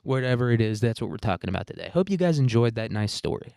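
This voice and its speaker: A man's voice: mid-range voice, very animated, quick pace, creaky, a little mellow, no room sound, studio quality. A young man hosting a solo podcast, rambling and self-mocking with crude humor. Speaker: podcast host.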